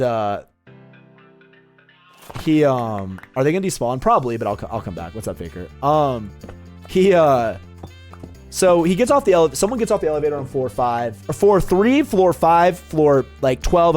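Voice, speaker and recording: Telling a story as he plays on his stream, this young adult man rambles casually and swears. His mid-range voice has a slightly mellow quality.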